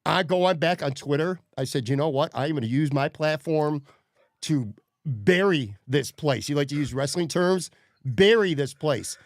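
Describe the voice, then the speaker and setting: New guy ranting on his podcast, kinda high voice, dead dry mic, lots of cursing. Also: expressive, normal speed, no echo. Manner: profane, worked-up storytelling. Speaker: podcast host. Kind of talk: casual podcast rant.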